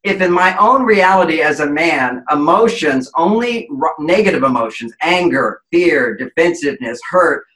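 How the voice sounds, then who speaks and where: A man's voice: fairly high pitch, lively intonation, normal speed, few pauses, fairly bright tone, reverberant, low-quality recording. A man giving relationship advice as an interview guest, explaining in an emphatic, lecturing way and acting out quoted voices.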